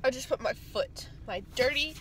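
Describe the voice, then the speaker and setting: A woman's voice: sits high, normal speed, a bit bright, a little hiss or hum. A young woman vlogging casually in a rambling, chatty, self-deprecating way as she runs errands in the rain and in her car. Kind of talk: casual vlog chat.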